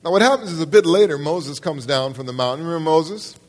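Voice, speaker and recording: A man's voice: on the high side, quick pace, slight background noise. A man preaching a sermon to a church congregation, emphatic, often restarting his words and putting questions straight to his listeners. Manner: addresses the congregation directly with questions. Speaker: pastor. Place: church service.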